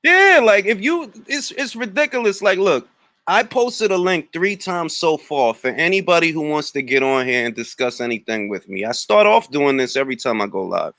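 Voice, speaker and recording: A man with a New York accent hosts a livestream, trading mocking trash talk full of street slang. His voice swings widely in pitch and sounds bright and forceful. The sound is dry and close, with no room around it. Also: animated, moderate pace, no room sound. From Harlem, New York. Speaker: livestream host. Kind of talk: taunting livestream rant.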